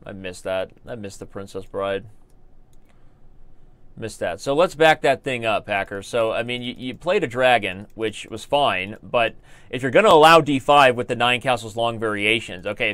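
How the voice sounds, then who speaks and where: An American man commentates his live chess games, joking and rambling as he talks to the viewers in the chat. His voice sits at an ordinary male pitch. The recording is dry and close, with no room echo. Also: a bit bright. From United States.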